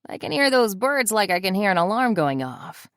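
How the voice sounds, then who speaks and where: A woman's voice: medium pitch, big pitch swings, moderate pace, fairly bright tone, no echo, pitched above the performer's own voice. A woman reading the part of a smug young man who teases his partner dryly, in an audiobook. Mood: teasing. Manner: dry teasing.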